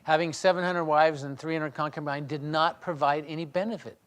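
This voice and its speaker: A man leading a Bible study, reading scripture aloud and then talking it through in a conversational way, often restarting and clearing his throat. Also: on the high side, steady tone, brisk. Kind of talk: reading scripture and discussing it in a small group.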